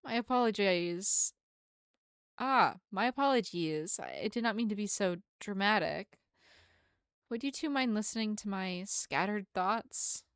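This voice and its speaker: A woman's voice: mid-range voice, expressive, measured pace, fairly bright tone, clean tone, no room sound. A woman voicing an earnest, polite young woman who talks in formal, apologetic phrases, reading a visual novel aloud with a dry sound.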